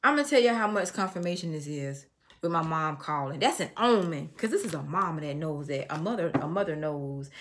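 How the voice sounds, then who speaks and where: A woman's voice: low-pitched, lively intonation, fairly quick. A middle-aged woman giving a casual tarot reading, blunt and emphatic, telling stories and swearing freely. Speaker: tarot reader.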